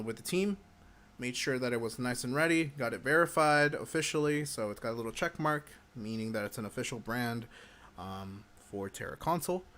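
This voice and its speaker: A man talks through a casual livestream Q&A with gum in his mouth, sounding hyper. His pitch sits right in the middle for a man. He rambles, cuts himself off and jumps between answers to viewer questions. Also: fairly bright tone. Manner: chatty, rambling, self-interrupting. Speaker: livestreamer and game community manager.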